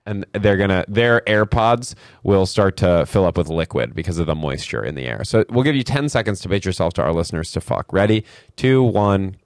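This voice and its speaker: Low-voiced man bantering on a podcast. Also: animated, fairly quick, dry recording, studio quality. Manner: playful, teasing, mock-serious. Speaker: podcast co-host. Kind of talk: joking banter, crude comedy.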